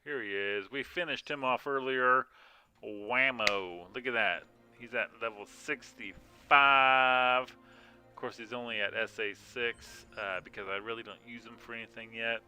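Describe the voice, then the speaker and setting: Bright-voiced rambling male game streamer. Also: medium pitch, a little slow, faint music behind. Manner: rambling, frequent yawning and filler words. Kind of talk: casual live-stream chat. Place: home room.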